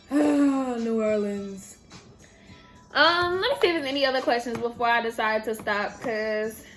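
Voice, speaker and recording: A young woman in her twenties from the Bay Area, chatting casually and animatedly while answering viewer questions in a vlog. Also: a little high. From San Francisco Bay Area. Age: 20s. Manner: chatty, animated, laughs and trails off. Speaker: vlogger.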